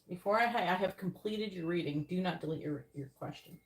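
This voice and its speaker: A woman's voice: fairly low pitch, a little fast, hardly any pauses, noisy background. A woman doing a live-stream tarot reading, talking bluntly and swearing often as she explains how to word questions. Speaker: psychic tarot reader.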